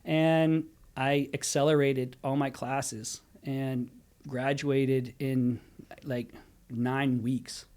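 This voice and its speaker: A man in his thirties who teaches high school. He speaks in a mid-range voice and tells his story in a relaxed, conversational way. He slips into his students' voices as he retells it. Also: drawn-out words. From Pennsylvania. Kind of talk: casual podcast conversation.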